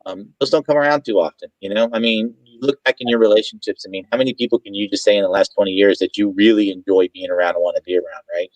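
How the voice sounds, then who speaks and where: Earnest low-voiced man, dry sound. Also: steady tone, darkish tone, no echo, rough recording. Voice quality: earnest, measured, heartfelt. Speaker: guest, real estate agent. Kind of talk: casual online video chat.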